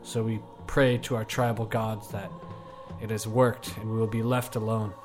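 A man running a tabletop game as game master, narrating in a relaxed way and laughing often. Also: lowish voice, normal speed, music in the background.

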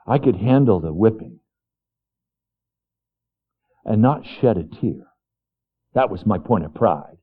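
A man preaching a sermon as pastor, earnest, swinging between hushed, quiet passages and fervent, raised ones. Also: lowish voice, unhurried, pauses often. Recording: tinny phone-like sound.

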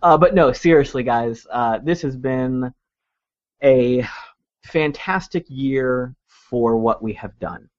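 A man's voice: medium pitch, takes it slowly, no echo. A man co-hosting a gaming podcast, joking and heartfelt, with some hesitation. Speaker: podcast co-host. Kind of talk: casual podcast chat. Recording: dull lo-fi mic.

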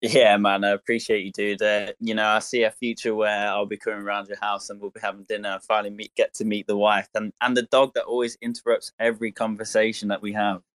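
A man hosting an online call, friendly and teasing. His voice sits on the low side and moves at an easy, conversational pace. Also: flat delivery, fast talker, few pauses, a bit bright. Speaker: host. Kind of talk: casual chat.

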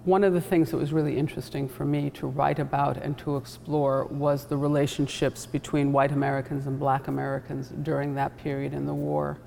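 A woman author with a measured, thoughtful delivery, reading from her novel and reflecting on it. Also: low-pitched, level tone, creaky, warm tone. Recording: echoey hall, faint background noise.

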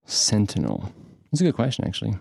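A man co-hosting a casual podcast, throwing in dry, teasing remarks. His voice is very deep and sounds close and dry. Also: huge pitch swings, brisk, gravelly, darkish tone, slightly rough, no room sound. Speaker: podcast co-host. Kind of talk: casual chat.

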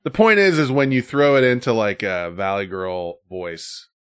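A man's voice: on the low side, normal speed, a bit bright, clean tone. A man hosting a casual chat, telling stories animatedly and laughing often.

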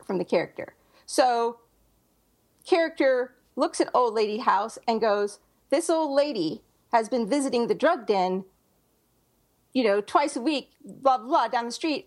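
A woman with a fairly high voice co-hosts a casual podcast about writing. She talks in a chatty, loose way, circling back with fillers and restarts as she works out her points. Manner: chatty, thinks aloud with many fillers and restarts. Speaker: podcast co-host, writer.

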